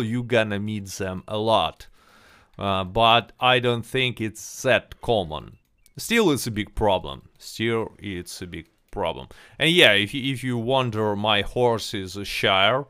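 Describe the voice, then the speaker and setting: A man hosts a casual livestream chat, reading viewer questions and interviewing a guest. His lowish voice has a sharp tone and smooth delivery, though he's slightly hesitant and often repeats words as he restarts. The sound is clean studio quality with no room sound.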